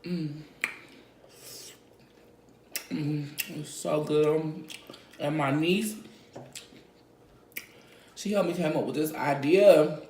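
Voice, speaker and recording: Woman mukbang vlogger, gravelly and drawn-out, humming over food, faint background noise. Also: low-pitched. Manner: savoring food aloud with frequent hums; thanking viewers warmly. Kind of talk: mukbang eating talk. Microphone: close mic picking up eating sounds. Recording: echoey room, faint noise.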